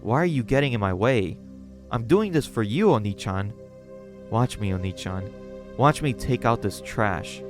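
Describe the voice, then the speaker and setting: A man's voice: lowish voice, animated, moderate pace, close to an everyday voice. Brief: creepy obsessive gothic girl, sugary menace, a man reading her lines, faint music under. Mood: doting menace. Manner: sweetly menacing, scolding.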